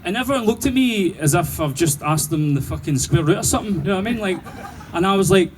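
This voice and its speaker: A man's voice: high voice, fast talker, a little hiss or hum, rough recording. Sweary Glaswegian man telling a story. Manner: sweary, animated, laughing through punchlines. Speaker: stand-up comedian. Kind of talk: casual stand-up storytelling.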